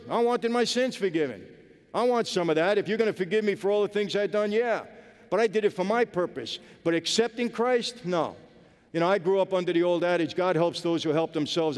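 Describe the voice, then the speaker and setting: A man's voice: high voice, clean tone. A man giving an earnest personal testimony, speaking emphatically and directly to his audience. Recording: long reverb of a large hall.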